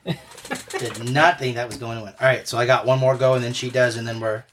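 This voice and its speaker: A man's voice: medium pitch, steady tone, quick pace, a little hiss or hum. Easygoing laughing podcast co-host man. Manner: laughing, easygoing, trails off mid-thought. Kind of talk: casual chat during a card game.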